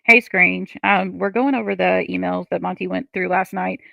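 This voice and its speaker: A woman's voice: fairly low pitch, fairly even intonation, moderate pace, vocal fry, no echo, highs cut off. A woman on a livestream, reading chat comments and ranting in frustration, swearing often.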